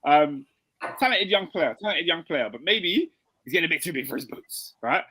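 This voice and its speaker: A man's voice: fairly high pitch, animated, normal speed, sharp tone, breathy edge. A young man, co-hosting a football podcast, setting a player quiz with restarts and chuckles. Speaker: podcast co-host. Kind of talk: casual football chat.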